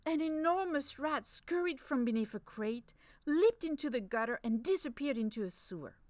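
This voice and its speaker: A woman narrating a story in the first person, expressive, slipping in playful French phrases. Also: high-pitched, normal speed, no echo.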